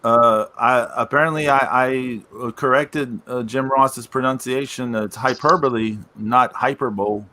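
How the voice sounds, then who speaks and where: A man's voice: mid-range voice, steady tone, measured pace, few pauses, sharp tone, dry recording. A man co-hosting a casual wrestling podcast, bluntly reading his critical notes. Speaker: podcast co-host.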